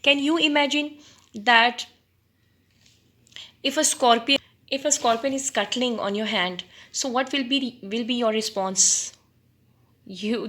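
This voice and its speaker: A woman teacher reading a story aloud to students, pausing deliberately to define words and quiz them. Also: fairly high pitch, a bit bright.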